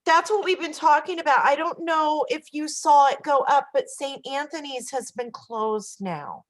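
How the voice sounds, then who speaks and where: A woman co-hosting a casual web talk show, animated and gossipy, laughing often. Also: sits high, moderate pace, rough recording. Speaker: co-host.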